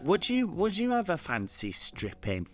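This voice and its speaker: A man's voice: fairly high pitch, huge pitch swings, a little slow, a crowd in the background. A man co-hosting a comedy podcast, chatting casually in a frank, blunt way. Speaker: podcast co-host.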